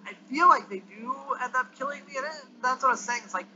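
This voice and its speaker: A high-pitched male gamer with a bright, sharp voice commenting on his play. He is excitable, yelping and groaning as things go wrong. The recording is dull and lo-fi with a faint hiss underneath. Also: quick pace. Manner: excitable, yelps and groans at the game.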